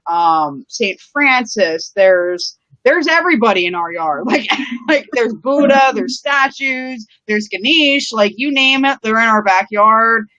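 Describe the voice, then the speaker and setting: Woman rambling on a live stream outside, lots of like and you know, muffled flat sound, no echo. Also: medium pitch. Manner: rambling, fillers like "like" and "you know", casual swearing. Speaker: host of a live-streamed chat show. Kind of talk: casual conversational chat. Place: outdoors. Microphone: live-stream setup. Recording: dull, dry lo-fi sound.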